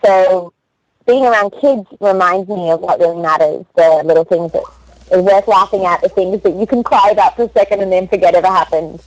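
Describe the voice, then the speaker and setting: An Australian woman, a voice actress and comedian, chatting in an animated, storytelling way in an interview. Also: fairly low pitch, brisk. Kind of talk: casual interview chat. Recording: dull lo-fi recording.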